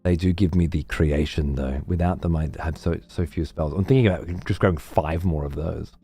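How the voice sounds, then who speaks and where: A man's voice: rumbling low, moderate pace, dark tone, breathy edge. A man casually commentating on a strategy game while streaming, chatty and swearing freely as he mutters to himself.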